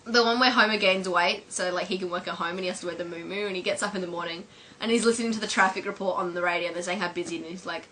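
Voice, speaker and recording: A woman's voice: fairly low pitch, steady tone, racing, pushed and bright. A woman vlogging at home while her sister films her, chatting and giggling as she retells favourite scenes, with lots of fillers.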